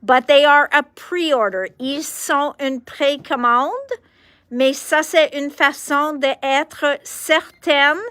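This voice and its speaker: A chipper woman hosts a live shopping stream. She greets her viewers one by one at an unhurried pace, in a fairly high voice. The sound is dry and close, with no room around it. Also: bright, forceful tone, dry recording. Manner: chipper, greets viewers by name, switches between English and French. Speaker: shop host on a livestream.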